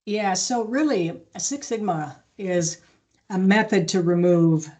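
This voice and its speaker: Calm low-voiced woman in an interview. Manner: calm, measured storytelling with many restarts. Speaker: podcast guest, aviation maintenance leader. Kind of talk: conversational interview.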